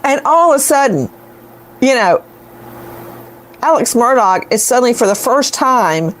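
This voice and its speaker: Higher-voiced wry woman telling stories. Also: expressive, a little slow, rough recording. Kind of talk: casual chat. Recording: faint background noise.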